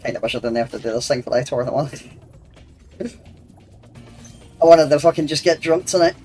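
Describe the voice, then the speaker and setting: A man's voice: a little high, a little fast, a little mellow, slightly rough. A young man, streaming a game and bantering crudely with his chat, rambling and laughing often. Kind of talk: casual gaming stream chat. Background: faint game music.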